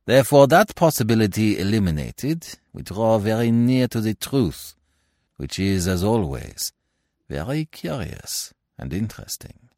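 A fussy, self-assured older Belgian detective , as a male narrator puts him on, lecturing with precise logic and brushing off sentiment. The voice sits deep and swings widely in pitch. It is recorded dry and close. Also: big pitch swings, a little slow, a little mellow, no room sound. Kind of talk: audiobook character reading.

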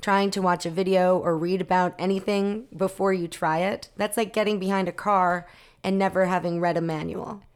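A woman guest in a casual chat, an animated storyteller who acts out the people in her stories. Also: lowish voice, normal speed, smooth.

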